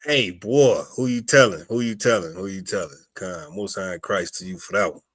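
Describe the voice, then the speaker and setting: A man co-hosts a podcast, talking casually and emphatically and looping back on his points. His voice is bright and forceful. The recording is dry and close. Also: sits low, normal speed, no room sound. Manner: emphatic, repeats "you understand me". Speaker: podcast co-host. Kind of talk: casual commentary.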